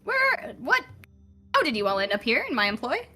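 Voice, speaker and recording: A woman voicing a pompous, forgetful male city councilor in a tabletop game, with grandiose, drawn-out speech. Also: fairly high pitch, wildly swooping pitch, pushed and bright, faint music behind, voice pushed up, exaggerated voice. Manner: grandiose, drawn-out, slightly flustered. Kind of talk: tabletop role-play voice.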